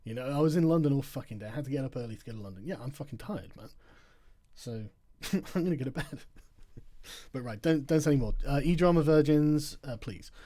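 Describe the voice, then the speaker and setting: A man's voice: medium pitch, brisk, mellow. A man hosting a late-night livestream, tired, reading out chat messages, laughing often and swearing in a mocking tone. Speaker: livestream host. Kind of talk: casual livestream chat reading super chats.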